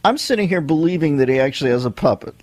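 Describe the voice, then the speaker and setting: A man's voice: on the high side, expressive, racing, darkish tone, dry recording. A male radio host bantering playfully with a comedian guest and laughing often.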